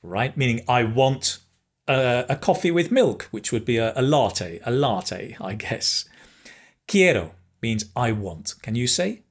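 A man teaching a beginner language lesson, speaking slowly and carefully and pausing so learners can repeat phrases. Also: mid-range voice, expressive, slightly rough. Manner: slow, careful, encouraging, pauses for repetition; switches between English and Spanish phrases. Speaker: Spanish teacher.

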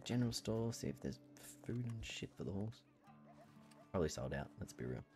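Chatty man, lively pitch. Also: fairly quick, soft background music. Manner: rambling, chatty, laughs often. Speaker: game streamer. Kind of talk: casual out-of-character chat while playing.

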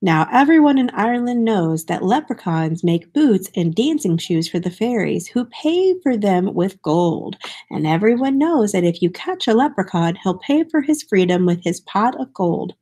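A woman's voice: medium pitch, normal speed. A woman reading a folk tale aloud, stopping now and then to explain what is happening in the story. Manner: expressive, explains the story as she goes.

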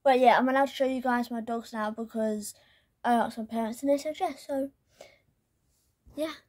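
A young woman with a fairly high voice talks casually to her viewers, filling gaps with ums and yeahs. She rambles easily from one thing to the next in a relaxed vlog style. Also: moderate pace. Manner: chatty, rambling with many fillers. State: out of breath while walking. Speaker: vlogger.

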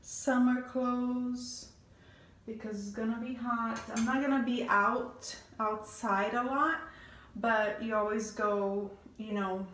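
Slow, breathless pregnant woman vlogging. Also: on the high side, steady tone, a bit bright, roomy sound, distant mic, slight background noise. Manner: slow, rambling, many ums and restarts. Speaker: fashion stylist vlogger. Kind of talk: casual closet tour.

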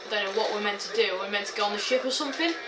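A woman giving excitable let's-play commentary, swearing, shrieking and laughing often. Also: mid-range voice, very fast, background noise. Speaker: gaming video host. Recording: roomy, distant mic with game music. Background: game music and sounds.

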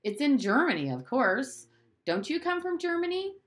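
A woman's voice: sing-song, normal speed. A woman reading aloud, voicing a curious, naive nine-year-old boy in a storybook. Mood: eager. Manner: eager, high-pitched, questioning.

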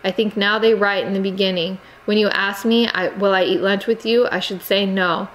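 A reserved young immigrant girl, torn between feelings and family duty, speaking quietly in halting, careful phrases. A woman voices her in a storybook reading. Her voice sits at a medium pitch with a faint hum of background noise. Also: steady tone, lightly acted, low-quality recording. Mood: restrained. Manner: quiet, halting non-native phrasing, restrained.

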